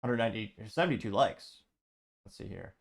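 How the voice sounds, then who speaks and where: This male host's voice is lowish, expressive and brisk, with vocal fry. He reads social media posts aloud on his show, adding wry asides.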